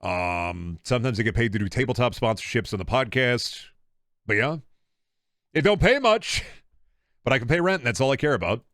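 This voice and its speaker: Young Midwestern man, casual rambling streamer chat, mid-pitched, dry close mic. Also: lively intonation, a little fast, a bit bright, no echo. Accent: Midwestern American. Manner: rambling, reading and answering chat.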